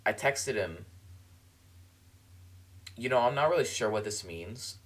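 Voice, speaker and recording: A man streamer giving a tearful, halting farewell monologue, apologizing and repeating himself. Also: mid-range voice, lively intonation.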